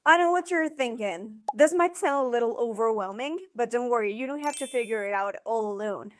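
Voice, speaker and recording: A woman teaching a scripted video lesson, speaking clearly and encouragingly and slowing down to sound out example words. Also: on the high side, expressive. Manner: clear, encouraging instructional delivery. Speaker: Spanish teacher.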